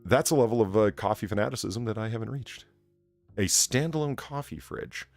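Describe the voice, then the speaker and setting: A man's voice: fairly low pitch, brisk, creaky, soft background music. A man hosting a casual chat show, chatting and reading out viewer messages. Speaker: podcast host reading donations.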